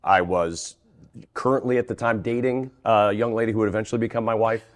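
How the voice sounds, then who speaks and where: Middle-aged male sportscaster, interview guest; animated storyteller, stumbling restarts. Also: fairly low pitch, fairly quick. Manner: animated, laughs through anecdotes, frequent restarts.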